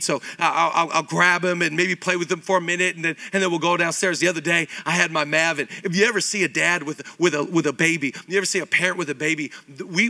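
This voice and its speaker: A man in his thirties preaching a sermon as pastor, animated and conversational with lots of repetition. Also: high-pitched. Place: church auditorium.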